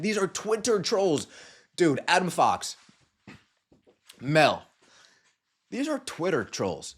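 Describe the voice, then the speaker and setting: A man's voice: on the high side, wildly swooping pitch, slow pace, pauses often, slightly rough. A man hosting a podcast, giving scornful, sarcastic sports commentary and mocking what others said. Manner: sarcastic and scornful, mocking quotes in put-on voices. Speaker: podcast host.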